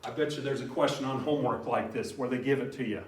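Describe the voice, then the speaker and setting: A middle-aged man teaching a college algebra lecture, animated and telling stories, shouting out key words now and then. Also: medium pitch, fast, a little hiss or hum. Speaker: college math instructor. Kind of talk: recorded math lecture. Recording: very echoey room, voice from far off.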